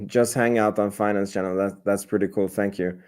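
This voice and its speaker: A man's voice: lowish voice, fairly even intonation, fairly quick, darkish tone. Guy rambling on a live stream about options, reading chat, lots of ums and restarts. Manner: rambling, reads and answers chat comments. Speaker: host.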